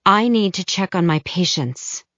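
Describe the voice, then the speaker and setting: Determined woman surgeon as a lady narrator puts her on, firm and urgent, lowish voice, kinda muffled dry recording. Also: lively intonation, unhurried, a bit bright, no room sound. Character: determined woman surgeon pushing past a guard.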